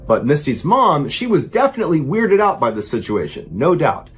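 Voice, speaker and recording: A man in his thirties narrating a true horror story for a podcast. He builds tension, and his pitch climbs at the frightening moments. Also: huge pitch swings, fairly quick, hardly any pauses.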